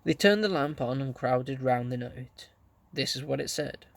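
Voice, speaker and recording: A man reading a children's story aloud, gently telling it and lightly voicing the characters. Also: medium pitch, lively intonation, normal speed, creaky, no room sound. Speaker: audiobook reader.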